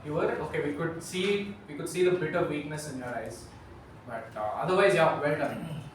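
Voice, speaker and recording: A man's voice: a little high, moderate pace. A man giving upbeat, praising feedback at a club meeting. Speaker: general evaluator. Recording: echoey room, far from the mic, noise.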